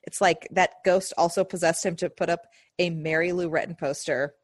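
A woman's voice: lowish voice, steady tone, normal speed, no echo. A woman co-hosting a podcast in casual chat, adding wry, joking asides and swearing casually. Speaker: podcast co-host.

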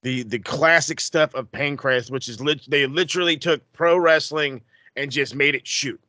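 A man asking wrestling trivia in a casual podcast chat, excitable and profane with rambling asides. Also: medium pitch, moderate pace, dry recording. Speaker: trivia quizmaster.

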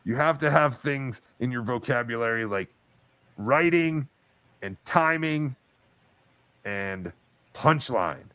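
A man hosting a loose live-stream chat, full of jokes and mock outrage as he teases his co-host. His voice sits at an ordinary middle pitch for a man. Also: lively intonation, slow, pauses often, bright, forceful tone, no room sound. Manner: joking, mock-indignant teasing.

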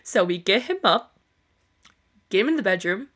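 A woman's voice: medium pitch, lively intonation, moderate pace, fairly bright tone. Podcast co-host, woman, candid and foul-mouthed storyteller, casual delivery. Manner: candid, swears freely, laughs through her story.

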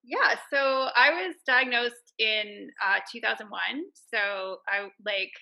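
Very bright-voiced Canadian woman guest. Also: on the high side, takes it slowly, gravelly, poor audio. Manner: relaxed and thoughtful, with hesitations and fillers. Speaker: podcast guest, blogger. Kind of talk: casual interview answers.

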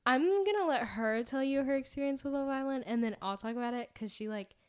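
A young woman talks casually as a podcast co-host, her voice sitting a little high. She rambles in a bubbly way, full of fillers and quick laughs. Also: darkish tone, smooth. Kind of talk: casual chat.

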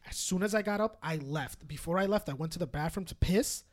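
A young man co-hosting a podcast, telling a story in casual chat, animated and swearing, often laughing. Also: high voice, brisk. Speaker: podcast co-host.

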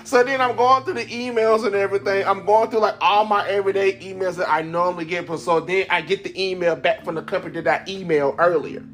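A man's voice: sits high, steady tone, fast, hardly any pauses, a bit bright. A man hosting his own podcast, telling a story casually and animatedly, laughing often and acting out the people he quotes, a little congested. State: congested from sinuses. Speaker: podcast host.

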